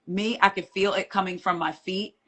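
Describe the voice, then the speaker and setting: A woman telling a story on a live stream as a guest courtroom reporter, animated and acting out the voices of the people she quotes. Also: mid-range voice, normal speed.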